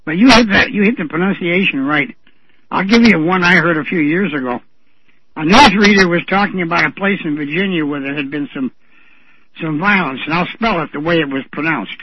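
A man with a fairly high, husky voice telling stories on a radio show. He chats loosely and acts out other people's lines as he goes. The sound is dry and muffled, like radio audio. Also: fairly quick, no echo. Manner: chatty storyteller, acting out the voices of people he quotes. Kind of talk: casual radio talk.

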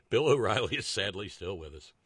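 Animated man hosting a comedic chat. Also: on the low side, breathy edge, no echo, studio quality. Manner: animated storyteller, drawn-out asides. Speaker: podcast host. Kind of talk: casual comedic political chat.

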